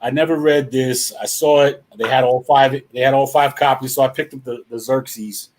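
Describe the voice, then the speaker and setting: A man co-hosts a live talk show in a steady, mid-range, darkish voice at a moderate pace. The chat is casual and loose, full of profane, laughing banter.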